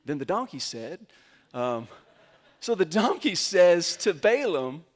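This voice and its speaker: A man preaching a sermon as pastor, retelling a story and acting out the characters' lines in quick quotes. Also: sits high, sing-song.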